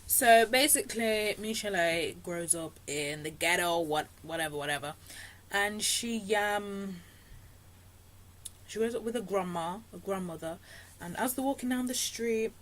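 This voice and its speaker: A woman's voice: medium pitch, measured pace, a bit bright, a little hiss or hum, poor audio. A young woman vlogging a casual film review, retelling the story in a chatty, slangy way with lots of fillers and asides. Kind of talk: casual chat.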